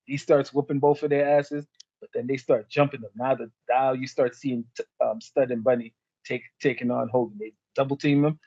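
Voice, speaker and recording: A mid-range, husky-voiced man co-hosting a podcast tells stories at normal speed in relaxed chat, animatedly performing the voices of the characters. The audio has no echo but sounds dull.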